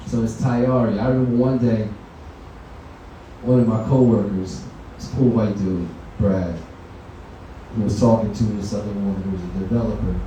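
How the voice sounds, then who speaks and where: Profane stand-up comic in an echoey room. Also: male voice, fairly low pitch, fairly even intonation, normal speed, warm tone, distant mic, a little hiss or hum. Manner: profane, loose conversational storytelling. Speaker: stand-up comedian. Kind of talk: stand-up comedy set. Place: comedy venue lounge, indoors.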